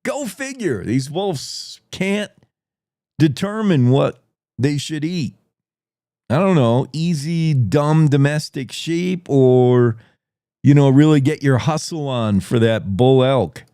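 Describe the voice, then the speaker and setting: A man's voice: on the high side, expressive, slow, dark tone, smooth, dry recording, clean studio sound. A man hosting a morning radio show, rambling and joking as he tells a story. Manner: jokey, rambling, plays a wolf in first person. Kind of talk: casual talk radio monologue.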